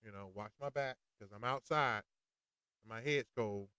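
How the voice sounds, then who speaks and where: A man hosting a podcast, ranting in an animated, exasperated way while recording outdoors. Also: lowish voice, normal speed, clear, resonant tone, dry recording. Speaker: podcast host. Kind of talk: casual ranting monologue.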